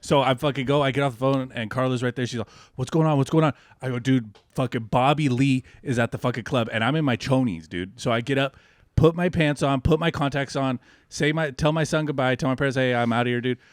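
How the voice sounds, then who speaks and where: A man co-hosting a podcast, telling an animated, profane story in casual chat. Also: medium pitch, quick pace, no echo. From California. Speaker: podcast co-host.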